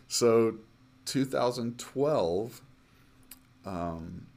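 Male missionary guest, 50s, deep voice, earnest halting storyteller. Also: a little mellow, slight background noise. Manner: earnest, halting with fillers and restarts. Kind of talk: conversational storytelling.

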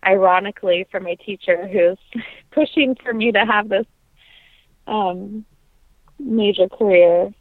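A woman's voice: medium pitch, slow, pauses often, no room sound. A woman in her thirties, a guest on an interview podcast, telling her story in an earnest, reflective way with frequent ums. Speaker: podcast guest, opera singer. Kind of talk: conversational interview. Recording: tinny phone-like line.

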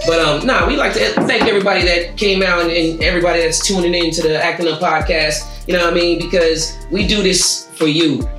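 A man hosting a casual podcast, loose and joking as he thanks the listeners. His voice sits fairly high. He sounds far from the mic, in an echoey room. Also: fairly even intonation, a little fast, few pauses. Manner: loose and joking, talks over others. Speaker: podcast host. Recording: roomy sound from a distant mic with music.

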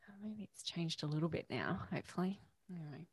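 A woman interviewing a guest casually, with quick encouraging replies. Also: fairly low pitch, animated, slightly rough. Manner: encouraging, quick agreeing responses.

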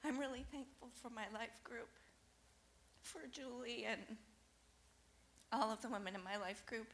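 Brief: woman testifying in church through tears, slightly high voice with gravelly fry. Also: fairly bright tone, a little hiss or hum. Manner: halting, apologetic, tearful. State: crying. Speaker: church member giving testimony. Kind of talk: emotional personal testimony. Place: church sanctuary.

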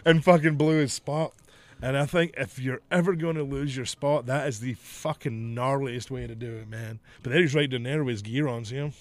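A middle-aged man swapping stories in relaxed podcast chat, laughing often and cursing freely. His voice sits in an ordinary middle pitch, with faint music in the background. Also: moderate pace. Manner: profane, laughs often, storytelling. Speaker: podcast host, former wrestler. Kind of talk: casual chat.

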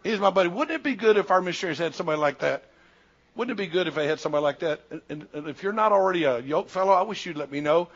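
A man's voice: high-pitched, lively intonation, rapid-fire, fairly bright tone. A man, preaching a sermon in a folksy storytelling way and acting out dialogue, in a church. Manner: folksy, acts out dialogue in quotes. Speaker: pastor and missionary. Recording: dull lo-fi church recording.

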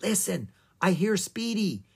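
Storybook girl, eager and curious, hushed and breathy, slow; played by the narrator. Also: full character voice. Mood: excited whisper. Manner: excited, high whispers.

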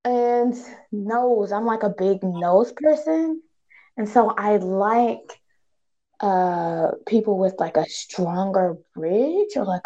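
A woman's voice: medium pitch, dark tone, highs cut off. A woman in casual conversation, thinking aloud with many fillers and restarts. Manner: thoughtful, hesitant, many fillers.

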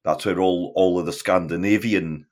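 A man's voice: sits low, fairly even intonation, moderate pace, a little mellow. A man speaking as a podcast guest, rambling in casual chat with many restarts.

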